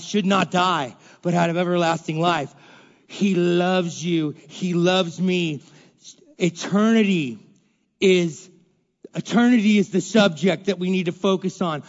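A male preacher with a high voice delivers a slow, emphatic sermon. He repeats phrases for weight and swings from loud, urgent lines to hushed ones. The recording is dull and lo-fi, with long reverb from a large hall. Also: expressive. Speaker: pastor.

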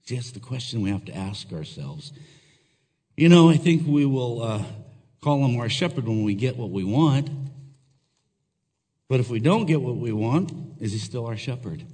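A man's voice: mid-range voice, lively intonation, moderate pace, long pauses, dark tone, slightly rough. Man preaching in a reverberant hall. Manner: earnest, emphatic preaching with rhetorical questions. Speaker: pastor. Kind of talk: sermon.

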